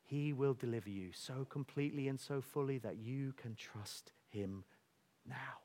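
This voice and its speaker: A man with a medium-pitched voice preaches unhurriedly, bringing animated energy to his storytelling. At key moments he softens to nearly a whisper.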